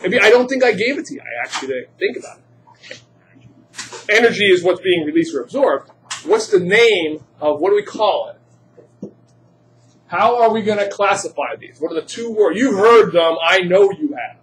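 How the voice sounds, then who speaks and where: In a classroom lecture, a male chemistry teacher speaks at a moderate pace in a high, expressive, slightly bright voice, with a faint hiss or hum present. He questions students and cracks jokes on the side.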